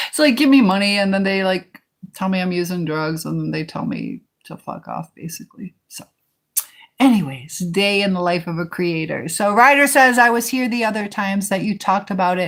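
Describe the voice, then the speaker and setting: A woman hosting a casual live stream, talking in a rambling way with many fillers while she answers viewer comments. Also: mid-range voice.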